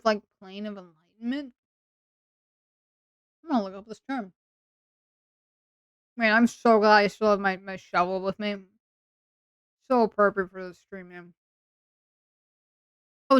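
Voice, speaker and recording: A woman chatting on a live stream, rambling, joking and mocking herself, with sudden loud whiny bursts, on a close desk microphone. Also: fairly high pitch, clear, resonant tone, no room sound. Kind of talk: casual live-stream chat.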